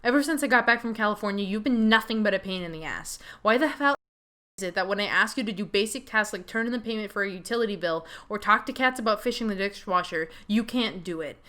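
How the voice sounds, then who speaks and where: A woman voicing a furious girlfriend in a story game, shouting and cursing sarcastically. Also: medium pitch, lively intonation, fast talker. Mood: angry.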